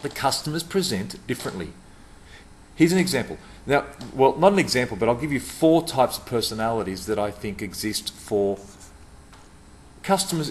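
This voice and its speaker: A man's voice: mid-range voice, a little hiss or hum. A middle-aged man giving a punchy, emphatic talk to camera about customer service, repeating words for stress.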